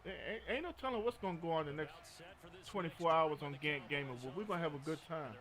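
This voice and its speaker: Game streamer, man, high voice, joking, storytelling banter. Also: fast, crowd noise. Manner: joking, storytelling, frequent laughter. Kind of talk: casual gaming commentary.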